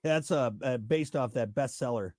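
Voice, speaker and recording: A man hosting a casual podcast chat. He is animated, laughs often and trails off mid-sentence. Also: mid-range voice, moderate pace, dry recording, clean studio sound. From grew up on a farm. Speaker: show host.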